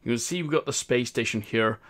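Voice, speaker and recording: A man's voice: medium pitch, fairly quick, fairly bright tone. A man with a Welsh accent hosting a game live stream in casual, upbeat chat and laughing often.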